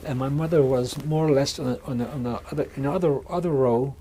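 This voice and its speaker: A man in his sixties giving a measured oral history testimony in an interview, often restarting and repeating words as he speaks. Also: medium pitch, warm tone, slight background noise. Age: 60s. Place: museum interview room.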